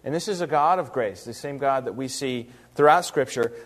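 In a medium-pitched voice at normal speed, a man teaches a Bible passage one verse at a time. His manner is conversational and lively, sprinkled with rhetorical questions and brief acted-out asides.

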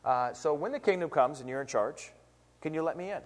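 A man's voice: a little high, animated, a little fast, lightly acted. A man playing a pleading repentant thief. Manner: earnest, pleading.

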